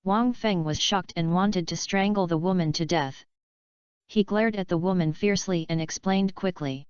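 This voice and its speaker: A woman narrating an audiobook in a steady, even reading voice, in a dull lo-fi recording. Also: lowish voice, moderate pace, smooth, no room sound. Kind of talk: scripted narration.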